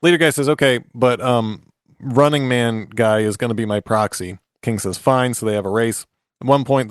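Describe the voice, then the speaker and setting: A man's voice: medium pitch, no room sound, clean studio sound. Laughing man telling a fairy tale. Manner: jokey, laughs often, restarts a lot. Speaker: podcast co-host retelling a fairy tale. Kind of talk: casual chat and comic story retelling.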